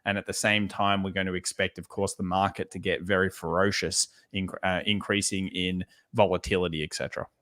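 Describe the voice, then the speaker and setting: A man co-hosting a live trading show, talking through charts in a relaxed way and repeating words for emphasis. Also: deep voice, brisk, hardly any pauses. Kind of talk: live market analysis chat.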